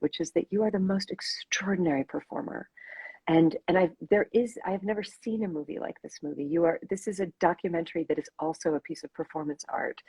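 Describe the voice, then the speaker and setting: Husky-voiced woman hosting a live chat. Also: low voice, darkish tone, no room sound, poor audio. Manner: effusive, gushing, loose and rambling. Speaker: host. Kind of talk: casual live-stream chat.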